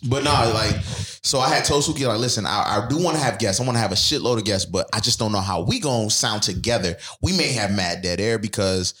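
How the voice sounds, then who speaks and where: A man co-hosts a podcast in casual banter, his voice bright and ringing. He tells stories animatedly and swears freely. The room adds a noticeable echo. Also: lowish voice, a little fast. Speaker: podcast co-host.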